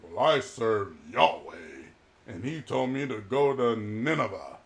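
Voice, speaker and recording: A man's voice: lowish voice, expressive, unhurried, pitched below the performer's own voice. A male preacher voicing a sleepy, reluctant prophet who gives a sheepish excuse.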